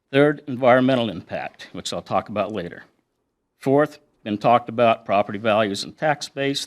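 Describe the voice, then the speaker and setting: A middle-aged man giving a prepared public comment at a council meeting, earnestly listing his points and reading quotes aloud into a podium mic. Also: on the low side.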